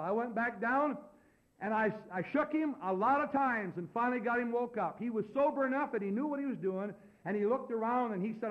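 A male preacher with a notably high voice tells a story from the pulpit. His delivery is folksy and animated, and it builds to loud preaching. The recording sounds dull and lo-fi. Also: a little fast. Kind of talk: storytelling sermon.

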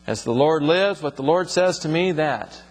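A man's voice: a little high, normal speed, breathy edge, long reverb tail. A man teaching from the Bible, reading passages aloud and then explaining them in plain, conversational words.

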